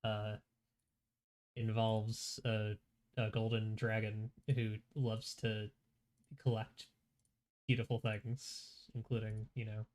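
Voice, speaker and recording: A man streaming a game, congested, chatting casually and joking at his own expense. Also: on the low side. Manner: chatty, self-deprecating. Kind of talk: casual gameplay commentary. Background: game music.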